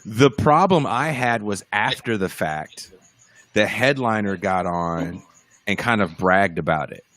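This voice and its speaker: A man's voice: lowish voice, lively intonation, a little slow, fairly bright tone, no echo. A man on a podcast, casually telling a story, swearing freely and acting out other people's voices when he quotes them. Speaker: podcast guest, band musician. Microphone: podcast mic over a livestream.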